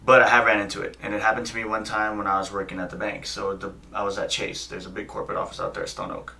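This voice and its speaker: Podcast guest, man, 30s, low-pitched but bright, recorded slightly off-mic in a studio. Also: fast, creaky, slight background noise. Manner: profane, animated anecdote teller. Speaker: guest, MMA fighter and Muay Thai coach. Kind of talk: casual podcast storytelling. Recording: voice a bit far from the mic.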